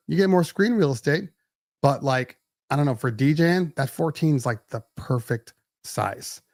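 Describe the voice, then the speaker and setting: A man's voice: mid-range voice, dry recording. Man, podcast host, casual chat, lots of restarts, dry sound. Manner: chatty, explains with many restarts.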